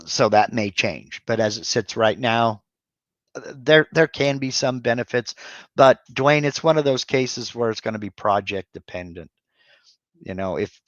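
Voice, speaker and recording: A man with a lowish voice hosts a live Q&A stream, answering viewers' questions off the cuff with lots of fillers and restarts, and he has the hiccups. The recording is dry, with the high frequencies cut off.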